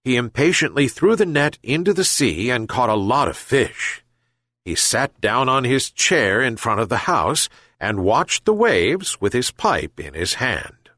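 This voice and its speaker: Slow, expressive male storybook reader. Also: medium pitch, no echo, studio quality. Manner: slow, deliberate reading for learners. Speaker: audiobook reader. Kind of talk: scripted storybook narration.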